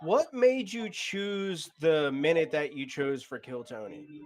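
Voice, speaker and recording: A man's voice: fairly high pitch, slow. A man hosting a podcast, asking a guest probing, direct questions in casual conversation. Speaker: podcast host. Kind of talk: interview questions.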